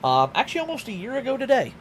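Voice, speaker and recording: High-voiced man telling a story. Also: huge pitch swings, rapid-fire, a little hiss or hum. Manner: storytelling, swearing, acting out quotes. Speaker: streamer. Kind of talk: casual chat.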